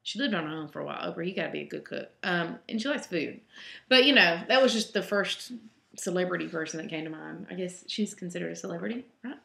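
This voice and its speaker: A woman's voice: fairly low pitch, expressive, fast talker, gravelly, sharp tone. A woman with a Southern US accent, a home cook chatting loosely through reader questions, full of ums and side trips. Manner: chatty and rambling, with many ums. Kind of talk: casual question-and-answer vlog. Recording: roomy echo.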